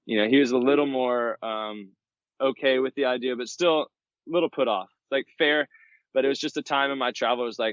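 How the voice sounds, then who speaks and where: A man from Florida, a podcast guest, telling travel stories in a lively way and acting out the people he quotes. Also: fairly quick, smooth, no room sound. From Florida, USA. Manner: animated storyteller, acts out quoted people in a higher voice. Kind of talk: storytelling interview. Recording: dull, dry podcast mic.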